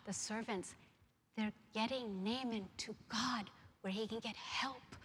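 A woman preaching a sermon, moving from hushed, near-whispered lines to loud, animated storytelling. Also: a little high, a little hiss or hum. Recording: long reverb of a large hall.

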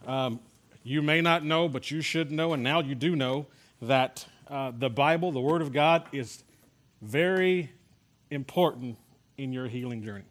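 This pastor teaches a healing class in an unhurried, mid-range voice. His sermon is conversational, built on personal stories and rhetorical questions.

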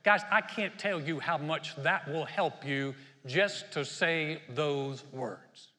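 A man preaching a sermon as pastor, animated and laughing often as he quotes scripture. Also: fairly high pitch, slow pace, few pauses. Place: church. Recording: long hall reverb.

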